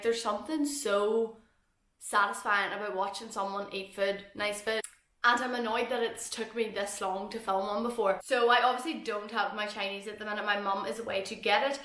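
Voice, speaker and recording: A woman's voice: medium pitch, fairly bright tone, echoey room. A young woman with a Northern Irish accent, chatting casually to camera while eating. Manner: chatty, rambling, eating between sentences. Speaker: vlogger.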